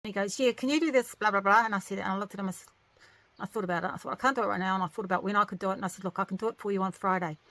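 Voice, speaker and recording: Bright-voiced woman venting a story. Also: mid-range voice, very fast, a little hiss or hum. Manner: animated, venting, exasperated retelling. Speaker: vlogger, single working mother. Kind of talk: casual storytelling to camera.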